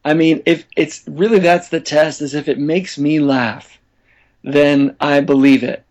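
Songwriter guy on a podcast, slightly high voice, relaxed and chatty, muffled audio. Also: measured pace. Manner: relaxed, chatty, laughs easily. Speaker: songwriter guest. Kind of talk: casual interview chat.

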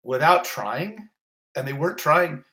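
A man telling a personal story in an interview, animated and emotional, gasping and exclaiming as he relives it, rambling with many restarts. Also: a little high, measured pace, background noise. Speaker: interview guest.

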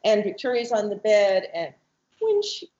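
A woman's voice: medium pitch, very animated, normal speed, darkish tone. A woman, a mother, tells an emotional personal testimony, acting out the voices she quotes. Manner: vivid retelling that acts out quoted voices, with restarts. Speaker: guest, mother telling her family's story. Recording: roomy, dull lo-fi sound.

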